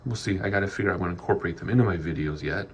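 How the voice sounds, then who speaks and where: A man's voice: low-pitched, racing. Rambling breathless man with faint room hiss. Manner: rambling, chatty, frequent ums. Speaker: YouTuber giving a studio tour. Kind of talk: casual walkthrough vlog. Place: home office studio.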